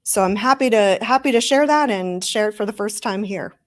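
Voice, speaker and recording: Woman, 50s, panel guest, earnest, halting, repeats words. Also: medium pitch. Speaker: guest speaker, podcaster. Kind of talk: panel conversation.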